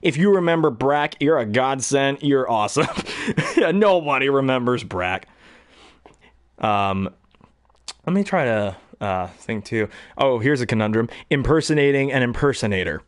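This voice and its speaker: A man's voice: medium pitch, animated, normal speed, dry recording, clean studio sound. A man and hobby voice actor chatting casually in a rambling, enthusiastic way. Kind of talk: casual chat.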